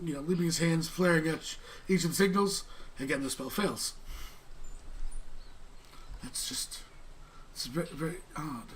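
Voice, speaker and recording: A man narrating as game master of a tabletop game in a relaxed, rambling way. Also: fairly high pitch. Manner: relaxed, rambling, many fillers.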